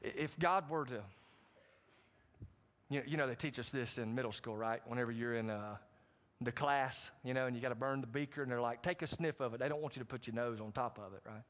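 A middle-aged man preaching a sermon, animated, with sudden loud rises and frequent asides to the congregation. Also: mid-range voice, brisk. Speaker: pastor.

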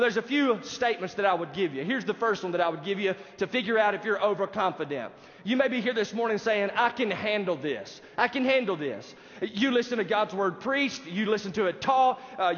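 A man's voice: sits high, brisk, fairly bright tone. A man preaching a sermon to his congregation as their pastor, with emphatic delivery that speaks straight to the listeners. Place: church sanctuary. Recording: dull sound in a reverberant hall.

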